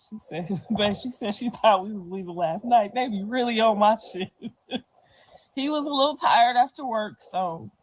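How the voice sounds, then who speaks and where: Give a middle-aged woman speaking plainly and conversationally at an average pitch for a woman. She talks in loose, slangy phrases, laughs softly now and then, and keeps checking that the listener follows her. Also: normal speed, poor audio. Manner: loose, slangy talk with frequent "you feel me" and soft laughs. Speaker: interviewee. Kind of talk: casual street interview.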